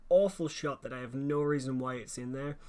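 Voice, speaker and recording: A man's voice: medium pitch, a little fast, a little mellow, clear, resonant tone. Hesitant man chatting on a podcast. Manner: hesitant, restarts, laughs while telling stories. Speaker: podcast co-host. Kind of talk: casual chat.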